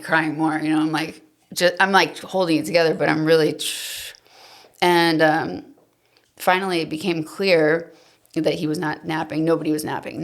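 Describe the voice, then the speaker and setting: A woman in her thirties, a podcast guest, candidly telling an emotional personal story, often dropping to a soft, trailing voice. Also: low voice. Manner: emotional, confessional, trails off softly.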